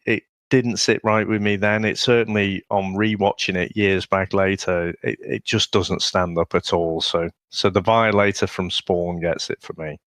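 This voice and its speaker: A man's voice: fairly low pitch, fairly bright tone, no room sound, studio quality. A British man co-hosting a podcast, amused and laughing as he recounts scenes. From Britain. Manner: amused, storytelling, laughs often. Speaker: podcast co-host. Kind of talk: casual chat.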